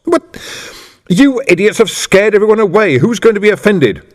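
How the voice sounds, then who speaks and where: A contemptuous, snarling secret policeman, put on by a male reader, pitched well up and pushed louder. A long room echo hangs on every line. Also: lively intonation, normal speed. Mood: furious. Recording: reverberant room.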